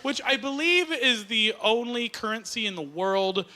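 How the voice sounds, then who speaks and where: Very high-voiced excitable stand-up comedian man. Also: moderate pace. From Canada. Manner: excitable, jumps into high squeaky bits. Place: comedy club stage before a laughing crowd. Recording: loud audience laughter and stage noise.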